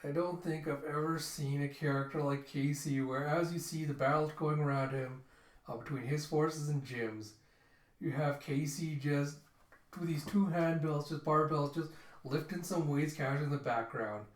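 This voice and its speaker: A man hosting a casual comic readthrough, animatedly reading out character lines with shouts and sound effects. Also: on the high side, steady tone, normal speed, echoey room.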